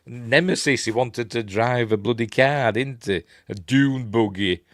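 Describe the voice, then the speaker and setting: An older Yorkshireman with a mid-range voice talks slowly and casually about films on his channel during a live stream, rambling with plenty of ums and self-deprecating asides. The recording is clean studio sound with no echo.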